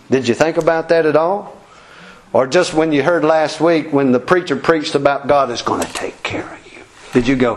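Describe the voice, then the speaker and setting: A man's voice: a little high, normal speed, low-quality recording. A man preaching a folksy sermon, acting out quotes and laughing between points.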